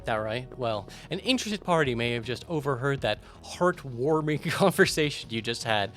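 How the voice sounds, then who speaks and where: A man's voice: medium pitch, expressive, moderate pace, fairly bright tone, soft background music, close to an everyday voice. Crooked game hustler, sly and foul-mouthed, middle voice, read by a man. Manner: sly, wheedling, swearing. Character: shady male street businessman, sly and crude.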